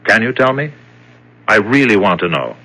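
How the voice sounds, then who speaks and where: An actor playing a measured, probing prison official in a 1970s radio drama. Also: male voice, fairly low pitch, very animated, pushed and bright, full character voice, rough recording.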